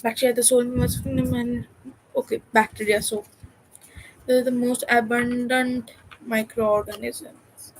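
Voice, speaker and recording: A woman's voice: a little high, level tone, unhurried, pauses often, a little hiss or hum, rough recording. A young woman, reading a textbook aloud on a study livestream and breaking off for jokey, cussing asides. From India. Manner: distracted and chatty, breaks off reading for joking, swearing asides. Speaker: student livestreamer.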